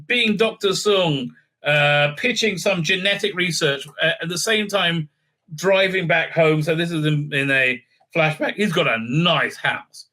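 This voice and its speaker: A man's voice: high voice, sharp tone. A man hosting a casual episode recap, talking in a rambling, sarcastic way with many fillers and restarts. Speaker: show host reviewing TV episodes.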